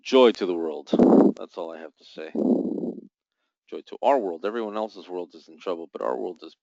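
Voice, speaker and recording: A man's voice: sits low, a little fast, gravelly, a little mellow, no room sound. A man hosting live trading commentary, reading out buy and sell volumes and muttering taunts at the market. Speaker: forex trader hosting a live forecasting room. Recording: dull, dry lo-fi sound.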